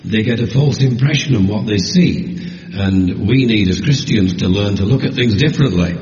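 A man's voice: lowish voice, normal speed, a little mellow. A man preaching a sermon and joking playfully with his congregation. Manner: jokey, teasing, playful with the congregation. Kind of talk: sermon with audience banter. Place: church hall. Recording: roomy hall, lo-fi recording.

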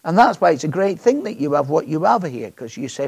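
A man's voice: fairly high pitch, big pitch swings, fairly quick, creaky, a little mellow, slightly rough, no echo. A man preaching a sermon in a chatty, joking way, often asking the congregation questions.

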